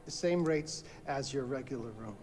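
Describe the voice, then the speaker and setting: An actor playing a courteous, subtly sinister hotel owner in video game dialogue. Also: male voice, mid-range voice, normal speed, darkish tone, close to an everyday voice. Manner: polished, gracious. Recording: game audio under music.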